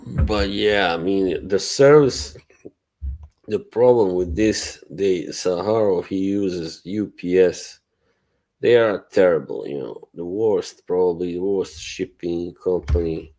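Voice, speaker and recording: Slow, deep-voiced man chatting on stream. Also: dark tone. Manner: rambling, swears often, laughs a lot; greets and answers chat viewers. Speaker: livestream host. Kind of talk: casual live stream chat.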